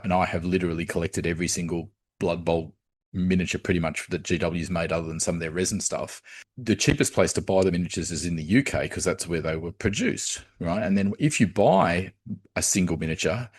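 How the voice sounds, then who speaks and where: A man's voice: sits low, fairly quick, slightly rough. An Australian man hosting a podcast, telling stories in a rambling, casual way and often repeating words. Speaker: podcast host. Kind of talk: casual storytelling chat.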